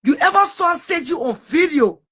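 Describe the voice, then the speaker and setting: A woman's voice: sits high, sing-song, normal speed, fairly bright tone. A woman, hosting an interview and pressing her guest with probing questions. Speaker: interview host.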